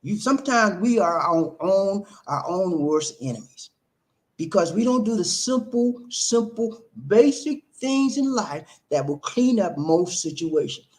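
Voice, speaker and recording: Guy preaching relationship advice, kinda high voice, keeps repeating himself and asking "hmm?". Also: animated, unhurried, darkish tone. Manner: emphatic, repetitive, rhetorical questions, street-talk phrasing. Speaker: relationship talk host. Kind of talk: preachy motivational monologue.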